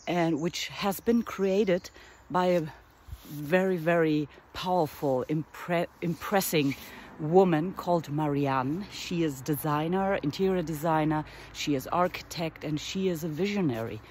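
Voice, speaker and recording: Slow, earnest woman with a German accent. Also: deep voice, a little mellow, slight background noise. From northern Germany. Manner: earnest, reflective, searching for words. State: slightly out of breath. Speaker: artist and art teacher. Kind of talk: casual vlog monologue. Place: forest outdoors, walking uphill.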